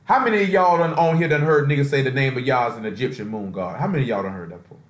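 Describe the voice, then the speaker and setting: A man's voice: medium pitch, racing. A man giving an informal sermon on a conference call, talking in a loose, streetwise way full of rhetorical asides. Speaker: preacher. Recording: roomy echo.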